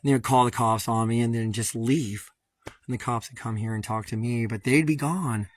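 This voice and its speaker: A man's voice: mid-range voice, moderate pace, no echo. A man from Hawaii ranting on a casual livestream while walking his dogs, swearing constantly and laughing bitterly between complaints. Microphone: phone.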